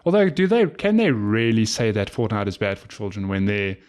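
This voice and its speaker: A man's voice: on the low side, a little fast, a little mellow. A man co-hosting a casual gaming podcast, chatty and laughing often. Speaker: podcast co-host.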